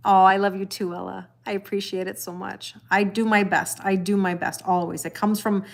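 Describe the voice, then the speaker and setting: A woman's voice: medium pitch, flat delivery, normal speed, gravelly. A middle-aged woman hosting a casual livestream, chatting to viewers and reading their comments aloud, laughing often and repeating her phrases. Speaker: tarot reader livestream host.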